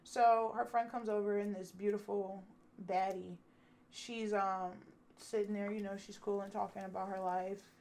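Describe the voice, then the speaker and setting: Woman vlogger, casual profane storytime, acts out the quotes, mid pitch. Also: little pitch movement, moderate pace, a little mellow, slight background noise.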